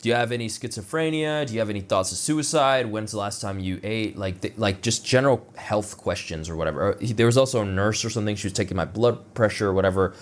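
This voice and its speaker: A young male vlogger tells a personal story fast and with hardly any pauses, his voice fairly low. He rambles, swears, leans heavily on filler words, laughs at his own jokes, and acts out other people's lines in quoted voices.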